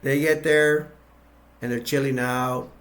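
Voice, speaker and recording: A man's voice: mid-range voice, steady tone, takes it slowly, a bit bright. A man casually retelling a movie's plot, rambling with many fillers and restarts. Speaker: movie reviewer. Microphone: attached to a bag.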